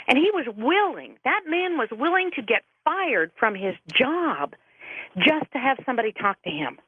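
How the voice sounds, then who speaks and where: A woman's voice: high voice, very animated, moderate pace, slightly rough, no room sound. A middle-aged woman, a veterans' advocate calling in as a radio guest, telling stories earnestly and quoting people at length. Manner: earnest storytelling, quotes others at length. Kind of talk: radio interview over the phone. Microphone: telephone. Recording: tinny phone line, dry.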